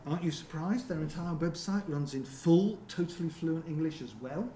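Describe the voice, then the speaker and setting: A man's voice: fairly high pitch, normal speed, dark tone. Man giving a roomy seminar talk. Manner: conversational, frequent ums and rhetorical checks. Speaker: seminar presenter. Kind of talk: conference presentation. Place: theatre seminar room. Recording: roomy venue with faint background hum.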